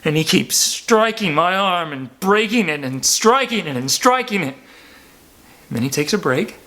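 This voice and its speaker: A man playing a struggling working-class henchman and father, talking in halting, stammering bursts in a mock documentary interview. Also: high-pitched, expressive, bright, forceful tone. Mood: shaken. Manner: halting, stammering, full of restarts.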